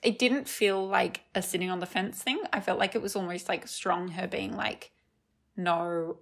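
A woman, co-hosting a podcast and chatting casually with quick asides. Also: medium pitch, steady tone, creaky. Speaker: podcast co-host. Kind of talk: casual recap chat.

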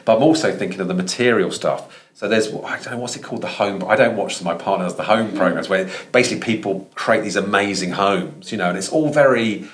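A man with a low voice and a Thames Estuary accent talks as a guest in a podcast conversation. He is earnest and works his thoughts out aloud, often restarting sentences. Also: fast, hardly any pauses. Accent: Thames Estuary English. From London. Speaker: professor, guest.

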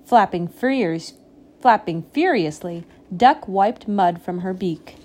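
Slow, mellow-voiced woman reading aloud. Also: fairly low pitch. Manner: slow, expressive read-aloud with small voices for animals. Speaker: storybook reader. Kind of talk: reading a picture book aloud.

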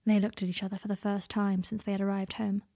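A woman reads her own story aloud in a hushed, unhurried way. Her voice has a gravelly, breathy texture at a middle pitch. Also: flat delivery. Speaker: author and reader. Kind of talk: audiobook narration of her own fiction.

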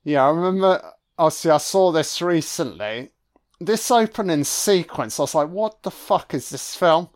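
A man's voice: on the high side, expressive, normal speed. A man giving a casual, profane and sarcastic film commentary as host.

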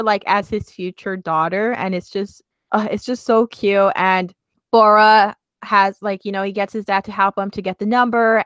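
A woman's voice: mid-range voice, a bit bright, smooth, no room sound. Gushing chatty woman, dry sound. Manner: gushing, emotional, many "like" fillers. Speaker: co-host. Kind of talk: casual chat recapping a TV drama.

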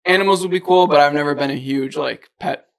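Gravelly young man chatting with a laugh. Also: fairly high pitch, quick pace, rough recording. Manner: laughs often, restarts words. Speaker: podcast co-host. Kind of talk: casual chat.

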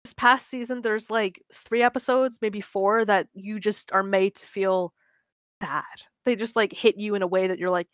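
A woman's voice: medium pitch, fairly even intonation, moderate pace, dry recording, clean studio sound. A woman co-hosting a podcast in casual chat, gushing and swearing, rambling with fillers. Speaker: podcast co-host.

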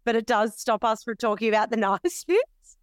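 A woman's voice: fairly high pitch, expressive, normal speed, no room sound, clean studio sound. A young Australian woman co-hosting a podcast in casual chat, talking things through aloud and laughing easily. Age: young adult. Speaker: podcast co-host.

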